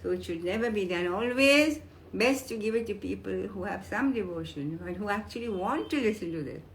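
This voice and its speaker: Older woman, spiritual teacher, devotional discourse, gentle and earnest, halting with restarts, faint room hum. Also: medium pitch, lively intonation. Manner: unhurried, halting, with many restarts and soft fillers; gentle and earnest, quoting the deity in a tender voice.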